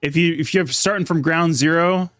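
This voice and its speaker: A man casually chatting on a live stream, reading chat aloud and answering questions in a relaxed, rambling way. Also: on the high side, normal speed, no echo, studio quality, soft background music. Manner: laid-back, reads chat aloud, rambling asides. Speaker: livestream host.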